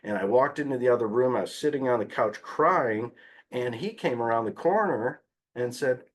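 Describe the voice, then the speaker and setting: A man quoting a mother as she tells about her son, a bit hurried. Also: medium pitch, expressive, lightly acted. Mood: recounting. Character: worried mother recalling her son, adult woman.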